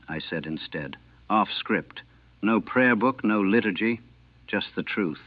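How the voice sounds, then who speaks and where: Guy telling his war chaplain memories, grave and slow-spoken, deep-ish voice, tinny dry phone-line sound. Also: expressive, no echo. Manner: somber, measured, grave. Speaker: narrator recounting his time as a wartime army chaplain. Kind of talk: first-person war memoir narration. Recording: narrow phone-like band, dry.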